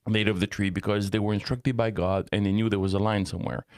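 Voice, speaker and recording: A man with a lowish voice hosts a casual Christian talk show, working through ideas aloud and restarting phrases as he explains. The sound is dry and close to the mic. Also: steady tone, fast, a little mellow, no room sound. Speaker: host and ethics teacher.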